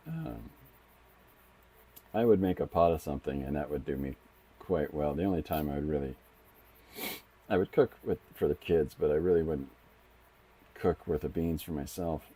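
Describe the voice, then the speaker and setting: A man's voice: sits low, dark tone, husky. A middle-aged man streaming as he draws comics, chatting casually and thinking aloud with frequent restarts. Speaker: comic artist streaming his drawing. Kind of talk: casual live-stream chat while drawing.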